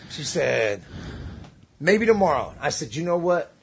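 Animated man telling a wild story. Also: on the high side, a little slow, gravelly, a crowd in the background. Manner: animated, swearing, acts out voices in his stories. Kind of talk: casual storytelling among friends.

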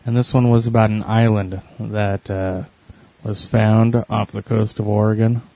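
A man's voice: fairly low pitch, flat delivery, a little slow, mellow, no echo. A man chatting casually with a friend, telling rambling stories in a laid-back way. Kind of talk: casual chat.

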